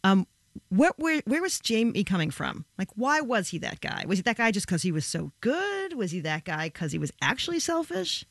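A woman hosting a radio show, reading the introduction and chatting with her guest in a lively, conversational way. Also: mid-range voice, moderate pace, gravelly, dry recording. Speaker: radio host.

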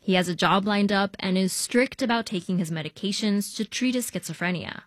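A woman reading a radio news report in a measured, even way. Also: mid-range voice, no echo, studio quality. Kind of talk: scripted news narration.

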